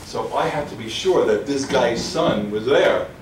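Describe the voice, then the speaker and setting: Animated rabbi telling stories in an echoey hall. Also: male voice, mid-range voice, measured pace. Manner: animated storyteller mixing in Hebrew and Yiddish terms; emphatic, repeats key phrases. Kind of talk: storytelling lecture. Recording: echoey hall from far off, faint noise.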